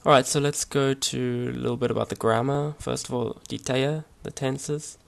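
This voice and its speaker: Casual home-made language lesson: man, mid-pitched, gravelly, halting delivery. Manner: relaxed, hesitant, many fillers and restarts. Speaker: language teacher.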